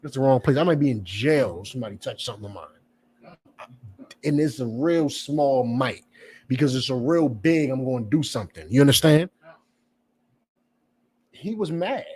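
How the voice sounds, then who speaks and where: A man's voice: mid-range voice, lively intonation, moderate pace, long pauses, darkish tone, breathy edge. A man giving a fiery, profane preaching lecture, repeating points and questioning his listeners. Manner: emphatic, repetitive, profane; questions the audience directly. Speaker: preacher and teacher.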